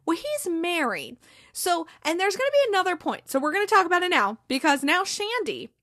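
A woman's voice: extremely high pitch, very animated, a little fast, a bit bright, no room sound, studio quality. A woman hosting a podcast, casually recapping a TV episode, chatty and laughing often.

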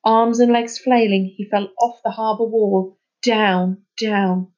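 A woman reading a children's novel aloud in a steady, expressive narrating voice. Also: fairly high pitch, normal speed, highs cut off. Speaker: storybook reader.

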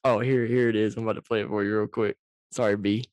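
A man hosts a casual podcast over a video call, telling stories in an animated, profane way. His mic sits right up against him, so he comes through loud and close. The sound is dry. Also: fairly low pitch, fast, dry recording. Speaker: podcast host. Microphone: too close to the microphone, loud.

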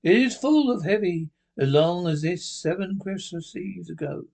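A man's voice: high voice, animated, moderate pace, creaky, a little mellow, heavily acted. Man voicing a mournful chained ghost. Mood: grave. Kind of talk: storybook reading.

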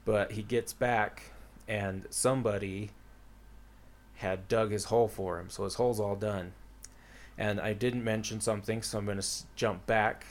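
A man's voice: fairly low pitch, fairly even intonation, moderate pace. A young man casually retelling a book's plot in a rambling way, full of "like" and "uh". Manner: rambling, filler-heavy retelling with many "like"s. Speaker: storyteller retelling a book plot. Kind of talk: casual chat.

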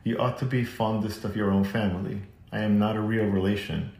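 A man voicing a kind, affectionate little girl in a storybook reading, speaking softly and coaxingly. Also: lowish voice, flat delivery, fairly quick, vocal fry, reverberant. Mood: tender.

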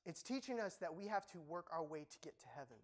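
Young guy preaching, pretty high voice, jokes around then hits the points hard. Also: quick pace. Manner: animated, joking, emphatic. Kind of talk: sermon.

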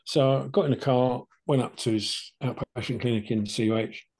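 This older man, a podcast co-host, casually recounts his cancer story at a normal speed, his medium-pitched voice steady, a little mellow and husky. Chatty and plain-spoken, he acts out both sides of the conversations he describes.

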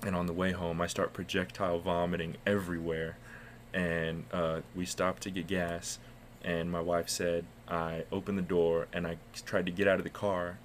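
Low-voiced man telling a rambling story. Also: flat delivery, normal speed, hardly any pauses, slight background noise. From United States. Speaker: podcast co-host. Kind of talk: casual podcast chat.

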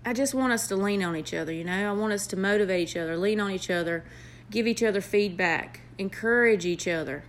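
A woman's voice: mid-range voice, slight background noise. A young woman with a Southern US accent, an earnest nurse speaking to her viewers in a motivational vlog. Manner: earnest, heartfelt, with pauses and fillers. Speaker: nurse vlogger.

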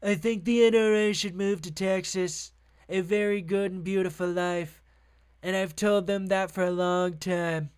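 A vlogger doing a boastful older politician. Loud and emphatic, with a voice pitched a little above their normal talk, as the commentator puts him on. The delivery is a mocking imitation. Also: steady tone, a little slow, clean tone, no echo, studio quality, natural voice. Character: impression of a bragging older male politician.

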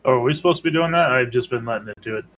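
A man's voice: medium pitch, rapid-fire, fairly bright tone. A man playing a tabletop game, eagerly reading out a new ability. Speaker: player. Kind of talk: casual chat during a tabletop game.

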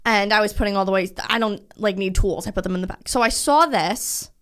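A woman's voice: mid-range voice, fairly quick, fairly bright tone, clean tone. A woman co-hosting a podcast, chatting casually and telling a rambling story full of swearing and restarts. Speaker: podcast co-host. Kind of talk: casual chat.

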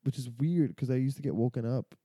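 A man's voice: mid-range voice, quick pace, warm tone, dry recording, studio quality. A man co-hosting a podcast in casual chat, telling stories animatedly and swearing freely. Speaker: podcast co-host.

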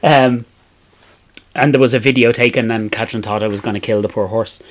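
A man's voice: medium pitch, steady tone, fairly quick. An Irish man with a middling voice, telling stories about himself on a podcast in a casual, self-mocking way. He laughs often and restarts his sentences as he goes. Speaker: podcast co-host. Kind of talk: casual storytelling chat.

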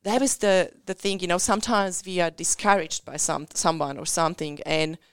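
A woman with a Central European accent tells her story earnestly in an interview. Her voice sits a little low and sounds smooth and clear. The recording is dry and close, with no room sound. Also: fairly even intonation, moderate pace, no room sound. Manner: candid, earnest storytelling in non-native English. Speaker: business coach.

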